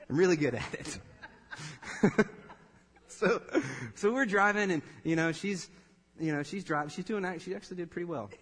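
A man in his thirties preaching a sermon, telling a personal story with laughter and animated delivery. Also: high voice, measured pace, long pauses, breathy edge. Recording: long reverb of a large hall.

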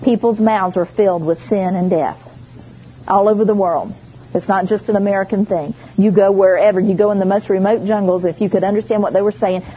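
A woman's voice: medium pitch, mellow, rough recording. A woman preaching a sermon, emphatic and storytelling, voicing the people she quotes. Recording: faint background noise.

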